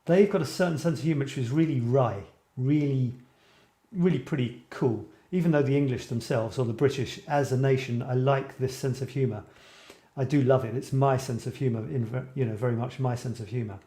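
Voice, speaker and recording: A man's voice: mid-range voice, fairly quick, dark tone, echoey room. A middle-aged man from Scotland hosting a creative writing show, chatting casually and rambling as he answers viewers. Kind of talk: casual live-stream chat.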